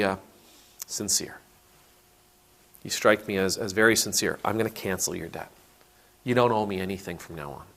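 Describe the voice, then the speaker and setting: With a lowish, fairly bright voice, an Anglican priest talks casually through a parable in a video sermon. He gives the characters voices and keeps restarting his sentences.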